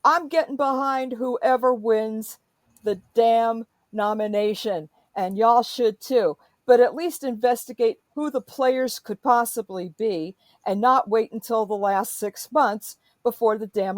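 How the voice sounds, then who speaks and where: A woman's voice: a little high, a little slow, no echo. A woman in a profane, emphatic political rant, speaking as a podcast host.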